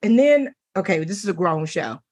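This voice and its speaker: Brief: middle-aged woman talk show co-host, husky, animated storyteller, laughs a lot. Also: lowish voice, normal speed. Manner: animated, laughing, voices quoted men. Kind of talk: casual storytelling chat.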